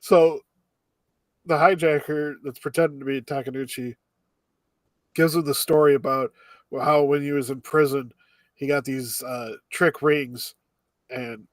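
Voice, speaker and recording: A man's voice: medium pitch, no room sound. A man co-hosting a podcast, recapping anime episodes in casual chat and laughing often as he goes. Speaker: podcast co-host.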